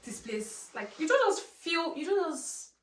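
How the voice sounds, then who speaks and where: A woman's voice: extremely high pitch, big pitch swings, a little slow, reverberant, distant mic. A woman from Nigeria with a Nigerian accent, chatting casually in her vlog and using lots of fillers. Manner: chatty, conversational, many "like" fillers. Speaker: vlogger. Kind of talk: casual chat.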